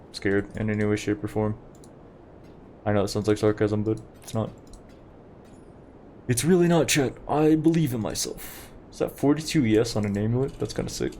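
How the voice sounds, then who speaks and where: A man's voice: fairly low pitch, darkish tone, a little hiss or hum. A young man streaming a game, chatting casually and rambling to his viewers while he plays. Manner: chatty, rambling, talks to chat while playing. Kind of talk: casual gameplay commentary.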